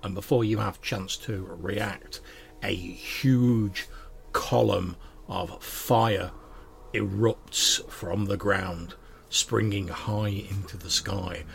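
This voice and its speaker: A man's voice: fairly low pitch, creaky, a little hiss or hum. A man narrating as game master of a tabletop game, descriptive and loose, with frequent fillers.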